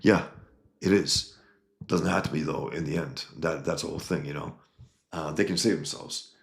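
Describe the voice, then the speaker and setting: A man's voice: very deep voice, fairly even intonation, normal speed, creaky, echoey room. A man hosting a casual livestream, reading viewer comments and talking in an emphatic, rambling way with frequent restarts. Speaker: livestream host reading chat.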